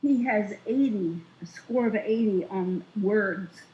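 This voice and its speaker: A woman guest on a casual political talk show, speaking deliberately and emphatically. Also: mid-range voice, mellow, a little hiss or hum. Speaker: guest analyst. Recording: echoey lo-fi call audio.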